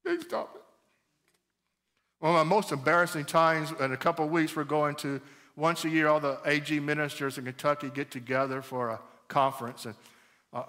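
Middle-aged man, pastor preaching, slightly higher voice, animated and talky, repeats lines for emphasis. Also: fairly quick. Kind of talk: sermon.

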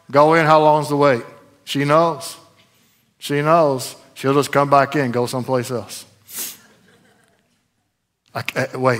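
A middle-aged man preaches a sermon in a lively, conversational way, breaking into loud bursts now and then. His voice is bright and somewhat high for a man. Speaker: pastor.

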